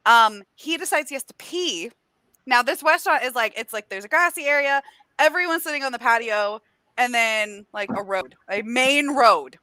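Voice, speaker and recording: A woman's voice: on the high side, expressive, normal speed, bright, forceful tone, no room sound, low-quality recording. A woman in her thirties hosting a video-call book chat, telling wry stories about her family. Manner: chatty, wry storyteller. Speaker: booktuber host. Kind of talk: casual storytelling chat.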